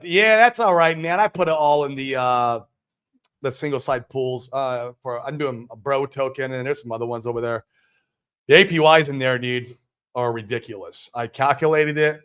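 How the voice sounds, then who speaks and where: A man hosting a crypto livestream, talking to viewers in a loose, slangy, excitable way. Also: medium pitch, moderate pace, smooth. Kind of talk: casual livestream talk.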